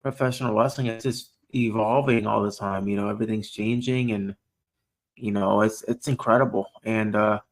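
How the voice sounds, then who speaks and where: A man who hosts a small podcast, chatting casually and telling an excited story with many false starts. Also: lowish voice, normal speed.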